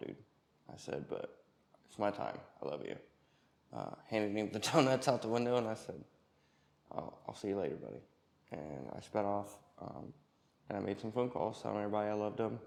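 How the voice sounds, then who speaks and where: Gravelly man telling his own story. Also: on the low side, a little mellow. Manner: plain, halting storytelling with many fillers. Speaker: employee sharing personal story. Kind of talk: personal testimony.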